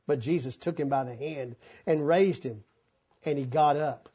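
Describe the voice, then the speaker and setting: Male preacher, fairly high husky voice, folksy and animated, acts out scripture. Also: normal speed. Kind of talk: sermon.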